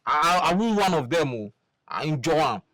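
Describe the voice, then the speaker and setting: An actor playing an injured young brother with a Nigerian accent, stammering in Pidgin from off-mic. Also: male voice, fairly high pitch, big pitch swings, moderate pace, crowd noise, poor audio. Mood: defiant. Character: bruised, defiant young brother after a fight.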